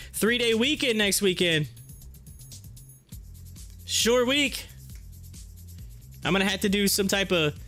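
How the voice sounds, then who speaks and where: A man's voice: high voice, bright, forceful tone. A man hosting a stock market livestream who tells a story in a rambling way, laughing as he goes. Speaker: stock market live streamer. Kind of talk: casual livestream chat.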